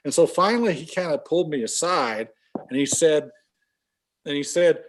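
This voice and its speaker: A man recalling a former colleague in a casual podcast chat, earnest and halting, with frequent restarts. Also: fairly high pitch, lively intonation.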